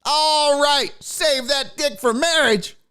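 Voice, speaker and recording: A man putting on a high, pushy, preachy dad. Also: takes it slowly, full character voice. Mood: overbearing chummy. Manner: loud, chummy, overbearing. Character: pushy preachy middle-aged dad on a plane.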